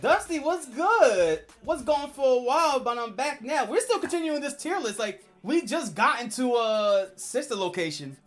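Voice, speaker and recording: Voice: high-pitched, big pitch swings, normal speed, hardly any pauses, soft background music. A streamer chatting casually on a livestream, rambling with lots of fillers and restarts.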